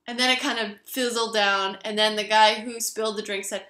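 Woman vlogger, reflective storytelling, bright voice, mid pitch, "you know" fillers, echoey room. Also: steady tone, brisk, few pauses.

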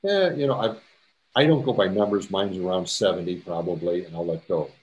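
A man's voice: deep voice, fairly quick, darkish tone. A man teaching a step-by-step photo editing tutorial, chatty, repeating himself and dropping jokey asides. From Canada. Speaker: photography instructor. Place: presentation to a camera club.

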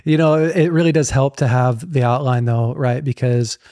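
A man's voice: mid-range voice, fairly even intonation, dark tone, dry recording, studio quality. A man hosting a podcast, chatting casually, restarting phrases and speeding up as he explains. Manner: thinks aloud with restarts and filler likes, quickens when explaining. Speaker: podcast host. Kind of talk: casual conversation.

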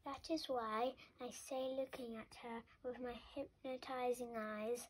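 A woman reading a children's picture book aloud, expressive and sometimes dropping to a whisper. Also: a little high, a little slow, hardly any pauses, husky, poor audio. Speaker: storybook reader. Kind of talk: children's story read-aloud.

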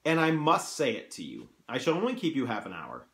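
A grave, earnest gentleman painter speaks with quiet urgency, as a man reads his lines aloud. The voice sits at a mid pitch. It carries the ring of a roomy space. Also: wildly swooping pitch, a little fast. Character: grave serious male painter friend. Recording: roomy echo.

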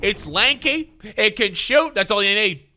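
A male streamer with a very lively, swooping voice calls out his card pulls like an announcer. Music plays loudly under his commentary throughout. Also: high voice, unhurried. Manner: showy announcer-style card reveals. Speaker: streamer host. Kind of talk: animated gaming commentary.

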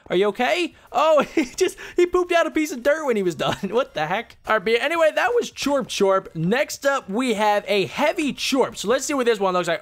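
A man hosting his own gaming channel, chatting excitedly through casual gameplay commentary with lots of "so, yeah" fillers. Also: very high voice, fairly quick, hardly any pauses.

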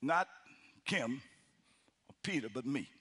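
Speaking slowly in a mid-range, slightly rough voice, a middle-aged pastor tells a sermon story. He performs it dramatically, alternating loud shouts with quiet, almost whispered passages.

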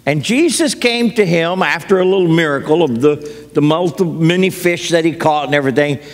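High-ish voiced guy preaching slow, folksy stories, lots of hall echo. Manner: folksy storytelling, acts out quotes. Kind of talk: sermon. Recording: long hall reverb.

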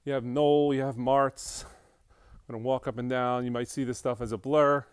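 A man's voice: medium pitch, steady tone, normal speed, smooth, no room sound, clean studio sound. A man from an auction house narrating a casual walkthrough video of a large showroom, chatty and enthusiastic, with frequent fillers and restarts.

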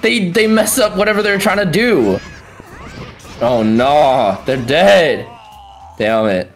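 Fighting game commentator, lively swooping pitch, explosive yelling, swearing, quick play-by-play, faint game music behind. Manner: calmer fast breakdowns between outbursts. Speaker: tournament commentator.

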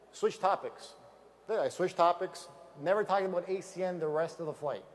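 A man giving an energetic motivational talk on stage with slides, emphatic and repeating key phrases for effect. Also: sits high, brisk, in a large hall. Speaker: business opportunity speaker.

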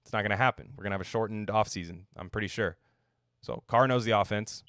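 A man's voice: on the low side, fast talker, fairly bright tone, no echo, clean studio sound. A young man hosting a sports podcast, rambling in a casual, sarcastic way and swearing now and then.

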